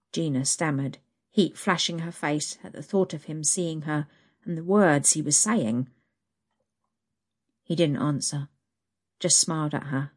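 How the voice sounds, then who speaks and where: A woman storyteller reading an adult story aloud in a slow, intimate way. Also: deep voice.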